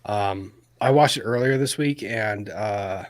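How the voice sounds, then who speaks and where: A man's voice: lowish voice, a little slow. A man hosting a casual live-stream chat, talking in a blunt, emphatic way. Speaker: host.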